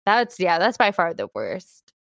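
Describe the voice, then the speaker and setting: A woman's voice: on the low side, very animated, a little slow, creaky, a bit bright, dry recording, studio quality. A young woman telling a bad-date story in casual chat, filler-heavy and laughing often. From Philippines. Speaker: guest telling a dating story.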